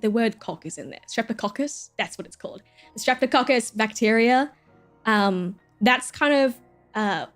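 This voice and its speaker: A woman streaming, chatting casually and jokily with plenty of fillers and giggles, with faint music behind her. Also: fairly high pitch. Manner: rambling, jokey, lots of fillers and giggles.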